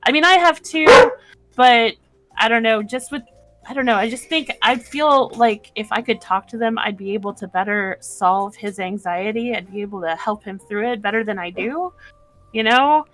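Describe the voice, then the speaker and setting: A woman chatting casually as a guest on a call-in show, talkative and quick to laugh. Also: a little high, fairly bright tone, faint music behind. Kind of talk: casual chat.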